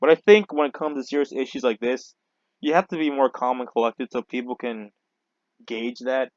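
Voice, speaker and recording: A young man rants into his camera in a loose, rambling way, swearing often and restarting his sentences. His voice sits in a middle pitch, and the recording is dry and a little dull. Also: steady tone, normal speed, no echo. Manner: profane, rambling, with frequent restarts and fillers. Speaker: vlogger. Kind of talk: casual ranting monologue to camera.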